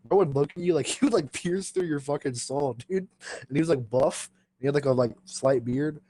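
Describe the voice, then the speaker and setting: A man's voice: on the high side, fairly quick, dark tone. A young man hosting a podcast, casually telling a school story with lots of fillers, swearing and laughter. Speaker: podcast host.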